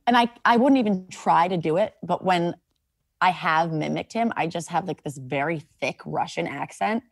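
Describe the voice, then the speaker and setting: A young woman co-hosting a casual podcast chat, wry and quick to laugh. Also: fairly low pitch, creaky, no echo. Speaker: podcast co-host.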